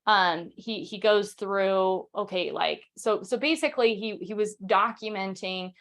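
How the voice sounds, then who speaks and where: A young woman hosting a casual history talk at a home setup, chatty and quick, with fillers and restarts, reading quotes aloud. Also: medium pitch, a bit bright. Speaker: podcast host.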